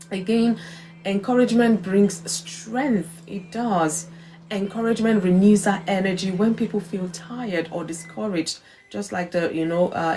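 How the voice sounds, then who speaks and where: Mellow-voiced woman giving an earnest devotional talk. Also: mid-range voice, a little hiss or hum. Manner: earnest and emphatic, repeats key phrases, acts out quoted remarks. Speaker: host of a faith encouragement livestream.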